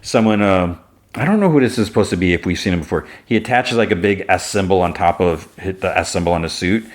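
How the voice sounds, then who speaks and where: A male podcast host with a very low voice, recapping an episode in a loose, rambling way. He peppers his talk with "like" and "you know.". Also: expressive, fast talker. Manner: rambling, filler-heavy storytelling.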